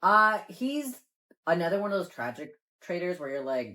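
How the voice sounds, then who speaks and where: A man's voice: high-pitched, sing-song, normal speed, bright, forceful tone. A man co-hosting a casual chat and explaining game lore in a rambling way, leaning on filler words and swearing now and then. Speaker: co-host.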